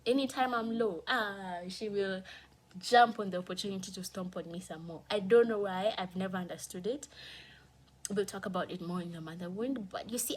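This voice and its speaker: A woman telling a painful personal story in a candid vlog, fighting back tears, her voice shifting from hushed to heated. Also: medium pitch, a little hiss or hum. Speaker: vlogger.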